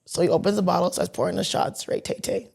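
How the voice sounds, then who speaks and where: A woman co-hosting a podcast who tells a story in casual chat, animated, swearing freely and acting out the dialogue. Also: on the low side, quick pace, vocal fry, slightly rough. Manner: animated, swears freely, laughs mid-sentence; acts out quoted dialogue. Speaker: podcast co-host.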